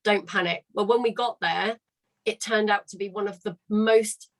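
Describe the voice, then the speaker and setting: A woman who runs a choir talks on a video call. Her voice sits at a middle pitch, and she speaks in a chatty, candid way, with the odd casual swear. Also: fairly even intonation, normal speed, low-quality recording. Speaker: choir leader. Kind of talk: casual storytelling on a live call.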